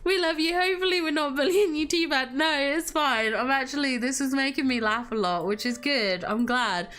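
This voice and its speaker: A woman's voice: sits high, normal speed, fairly bright tone. A woman streaming a game and chatting casually with viewers, giggling often and laughing to tears. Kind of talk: casual livestream chat.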